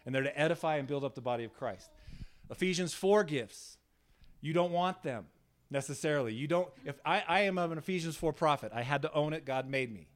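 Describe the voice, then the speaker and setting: A pastor preaches an informal sermon in a small room in a church setting, telling stories with laughter. He is animated and keeps tossing "right?" asides to his listeners, and his voice is a little high and brisk.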